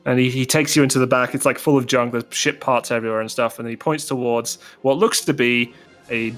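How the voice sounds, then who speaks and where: A man narrating as game master of a tabletop game, relaxed and hesitant, with fillers and chuckles. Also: medium pitch, a little fast, faint music behind.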